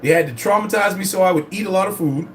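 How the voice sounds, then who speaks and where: A man's voice: sits high, fast, a little hiss or hum. A man vlogging about his fitness journey in a casual, rambling, profane way. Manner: rambling, profane, animated storytelling. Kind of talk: casual chat.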